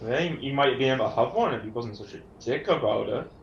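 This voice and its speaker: A man's voice: medium pitch, lively intonation, fast, creaky, a little hiss or hum. A man playing a tabletop game, joking in a laid-back way with many fillers, on a dull, roomy mic. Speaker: player. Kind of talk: casual chat in a tabletop game.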